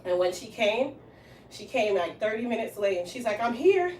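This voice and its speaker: She's a salon owner and hairstylist telling a casual story at a moderate pace, her medium-pitched voice far from the mic. Animated and laughing often, she performs the lines of the people involved, and the roomy, off-mic recording has a faint hiss.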